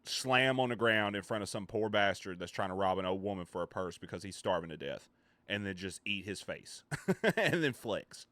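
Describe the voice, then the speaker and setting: A man's voice: sits low, fairly even intonation, brisk, bright, forceful tone, no room sound. A man chatting casually with his viewers on a live stream, joking, rambling and swearing freely.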